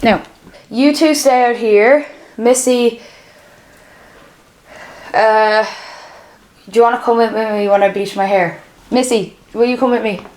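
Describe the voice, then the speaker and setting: A woman's voice: a little high, slow pace, pauses often, darkish tone, a little hiss or hum. A woman in her twenties, vlogging at home in casual, rambling chat with a candid manner and free swearing.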